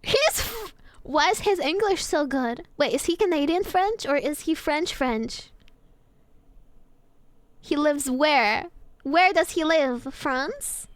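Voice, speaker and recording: A woman's voice: sits high, lively intonation, takes it slowly, no room sound. A woman streamer chatting casually as she reacts to a video, laughing often and swearing freely.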